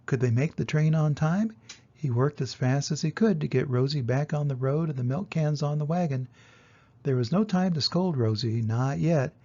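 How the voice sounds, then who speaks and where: An older man reading a children's storybook aloud, gentle and expressive, in a dull lo-fi recording. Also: on the high side, normal speed. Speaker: storybook reader.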